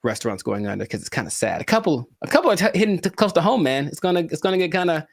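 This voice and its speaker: A man's voice: fairly high pitch, very fast, gravelly, dry recording. Joking male podcast host, dry sound. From California. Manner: joking, rambling, animated asides. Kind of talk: casual podcast chat.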